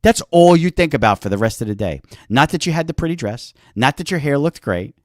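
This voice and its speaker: A man's voice: fairly high pitch, expressive, a little fast, dry recording, studio quality. A man hosting a health talk show, giving an earnest motivational talk and acting out little quoted exchanges.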